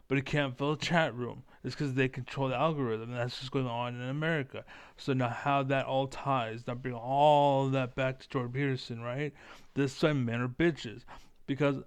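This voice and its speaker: A man delivers a rambling, profane political monologue, frequently losing his train of thought and breaking into mocking, squeaky impressions. The audio is smooth with no echo.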